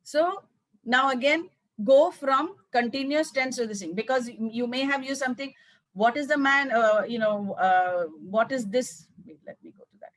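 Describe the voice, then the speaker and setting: A woman from South India speaks with a Tamil accent, coaching English teachers in an emphatic, repetitive way. She acts out little teacher-and-child exchanges as she goes. Her fairly high voice sounds dry and close to the mic. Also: moderate pace, no echo. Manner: emphatic, repeats words, acts out classroom dialogues. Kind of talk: teacher training talk.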